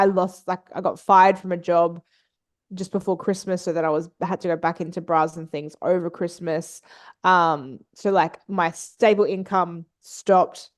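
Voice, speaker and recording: A woman guesting on a podcast, telling a personal story candidly and swearing freely. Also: on the low side. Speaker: podcast guest, business and mindset coach.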